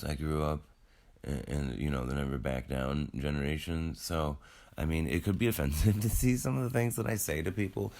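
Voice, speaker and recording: Very deep, gravelly-voiced man rambling. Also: a little mellow. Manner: rambling and self-deprecating, with filler words. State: just woken up. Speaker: YouTube creator. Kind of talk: casual rambling vlog monologue.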